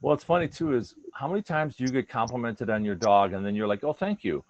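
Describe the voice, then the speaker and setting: A man's voice: medium pitch, animated, fast, dry recording. A man telling personal stories about his dogs in a casual, earnest chat, acting out their thoughts in quoted voices. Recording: dull lo-fi recording.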